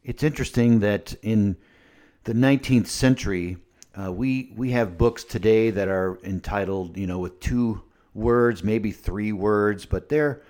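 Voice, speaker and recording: A man with a lowish voice muses reflectively on a podcast. He talks in relaxed chat, like a teacher thinking out loud. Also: a little slow.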